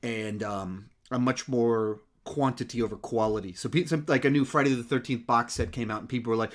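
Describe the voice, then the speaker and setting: A man's voice: mid-range voice, steady tone, a little fast, hardly any pauses, a bit bright. A man hosting a casual live-stream question and answer session, slightly out of breath, rambling with many fillers and restarts. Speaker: host.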